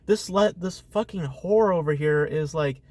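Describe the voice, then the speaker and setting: A man's voice: fairly high pitch, a little slow, darkish tone, no echo. A man giving a casual, ranting movie review, profane and exasperated, full of fillers and rhetorical asides. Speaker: film reviewer.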